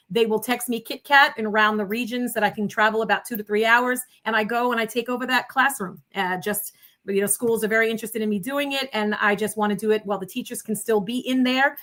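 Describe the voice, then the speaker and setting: A New York woman in her fifties, pitched a little high with a fairly bright tone, appears as a guest on a video-call livestream. She chats in an exuberant, jokey way, tossing out rhyming asides.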